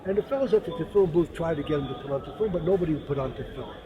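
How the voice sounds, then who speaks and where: A man teaching religious lessons through earnest, animated storytelling, recorded outdoors at a busy site. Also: a little high, rapid-fire, narrow, tinny audio. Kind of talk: storytelling spiritual talk. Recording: crowd noise in the background.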